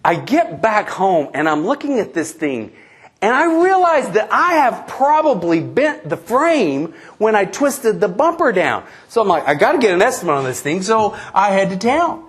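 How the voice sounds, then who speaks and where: A middle-aged man from eastern New Mexico telling a funny story at a conference, animated, laughing at his own tale and acting out the other people's lines. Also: sits high, moderate pace. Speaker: conference speaker. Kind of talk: humorous storytelling keynote. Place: convention presentation.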